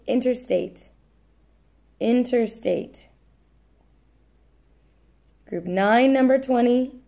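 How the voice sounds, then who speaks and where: A woman's voice: a little high, mellow. Teacher woman dictating spelling words. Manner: says each word slowly, repeats it, adds brief asides; apologetic self-corrections.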